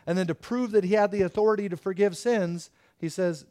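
Animated, slightly high-voiced male pastor. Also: brisk. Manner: animated storytelling with acted quotes. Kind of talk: sermon.

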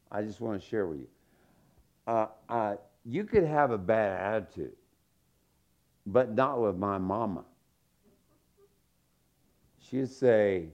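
Lively, folksy man preaching a sermon. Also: fairly low pitch. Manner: folksy, joking, animated storytelling. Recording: dull lo-fi sermon recording.

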